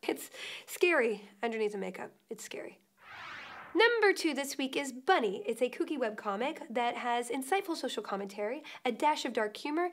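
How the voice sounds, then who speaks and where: A woman's voice: sits high, fairly bright tone. A young woman hosting a web show in a quirky, playful scripted vlog style with jokey asides.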